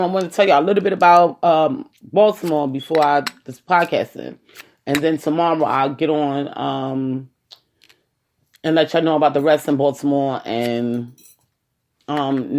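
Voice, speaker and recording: A woman's voice: low voice, a little mellow. A woman with a New York accent, an activist giving a casual, rambling podcast monologue and often saying "you know".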